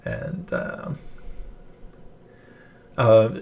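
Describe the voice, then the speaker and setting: A man narrating a tabletop game as game master, halting with many fillers and restarts. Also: on the low side, big pitch swings, vocal fry, darkish tone, slightly rough.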